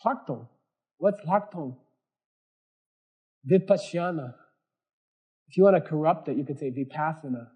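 A man's voice: on the high side, measured pace, pauses often, mellow, slightly rough. A man giving a Buddhist teaching to a class, explaining earnestly with everyday examples and often checking in with questions like "okay?". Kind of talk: dharma lecture to a class.

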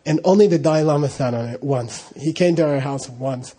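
A man's voice: on the high side, brisk, mellow, slightly rough. A middle-aged man casually telling an anecdote, laughing often and acting out the dialogue. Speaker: storyteller recalling monastery life.

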